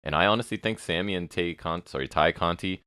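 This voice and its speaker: A man's voice: sits low, pushed and bright, smooth, no room sound, studio quality. A man co-hosting a wrestling podcast, giving opinionated, sarcastic takes in casual chat. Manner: opinionated, sarcastic, quick asides. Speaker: podcast co-host.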